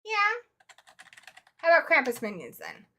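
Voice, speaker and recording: Bright high-voiced woman hosting a stream. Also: huge pitch swings. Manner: chatty, quick to react, talks to viewers by name. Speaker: livestream host. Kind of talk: casual chat, reading viewer comments.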